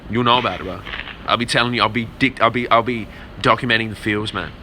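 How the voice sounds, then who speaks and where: A young man's voice, very bright and forward, rambles through a casual vlog chat, peppered with swearing and "bro". Faint noise hums in the background. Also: lowish voice, steady tone, fast talker. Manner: rambling, profane storytelling with lots of "man" and "bro". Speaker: vlogger.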